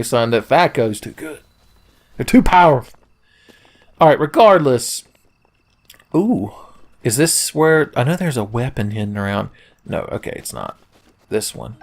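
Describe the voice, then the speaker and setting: Sarcastic, foul-mouthed game commentator man. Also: medium pitch. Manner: profane, sarcastic, joking. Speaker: let's play host. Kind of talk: gameplay commentary.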